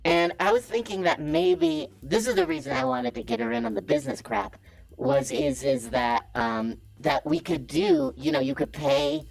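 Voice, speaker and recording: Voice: sing-song, normal speed, creaky. A caller doing a comedic impression of a boastful self-styled male business guru, cocky and evasive. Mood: smug. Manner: cocky, evasive and defensive, pitch swinging wildly. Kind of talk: comedic impression on a call-in show.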